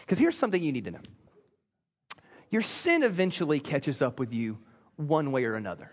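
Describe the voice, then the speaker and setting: A man pastor preaching a sermon in a casual, animated storytelling manner, full of fillers. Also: fairly high pitch, a little fast, long pauses, big-room sound.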